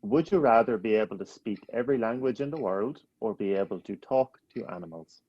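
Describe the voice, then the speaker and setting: A man hosting a podcast, firing off quick playful questions and laughing easily. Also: on the low side, animated, husky, no room sound, dull audio. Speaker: podcast host. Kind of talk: rapid-fire interview questions.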